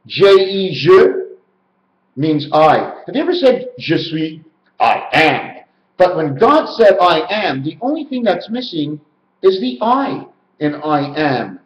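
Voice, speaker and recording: Slow rambling man, sing-song chanting. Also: fairly high pitch, very animated. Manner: sing-song, repeats words in chants, stretches syllables. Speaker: video maker explaining number and letter theories. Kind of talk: rambling solo monologue. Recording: roomy, dull lo-fi home recording.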